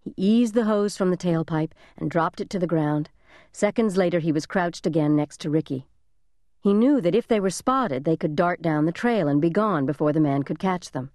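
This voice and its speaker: A woman narrates a thriller with a measured, suspenseful delivery. Her voice sits low and sounds mellow and warm. The studio recording is dry and close, with no room sound. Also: dry recording. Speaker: audiobook narrator. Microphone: close studio mic.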